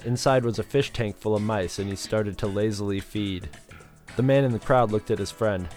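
A man's voice: lowish voice, moderate pace, a little mellow, soft background music. A man reading a darkly comic horror story as narrator.

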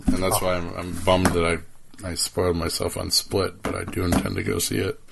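A man hosting a casual podcast chat over an online call, rambling, animated and swearing freely. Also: deep voice, a little fast, gravelly, noisy background. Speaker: podcast host.

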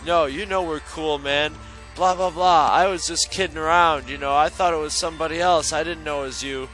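A man's voice: a little high, measured pace, a bit bright, soft background music, voice pushed up. A man voicing a brash teenage boy who swears and taunts. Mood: pleading. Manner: swearing, taunting, then pleading.

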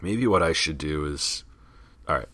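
Low-voiced man chatting about comics. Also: lively intonation, unhurried, pushed and bright, no echo. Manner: chatty, reads glossary and ads aloud with asides. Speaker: podcast host. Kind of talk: casual comic book podcast reading.

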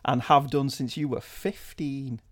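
A man's voice: mid-range voice, steady tone, a little slow. A middle-aged man from England hosting a podcast in casual chat, wry and self-mocking. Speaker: podcast host.

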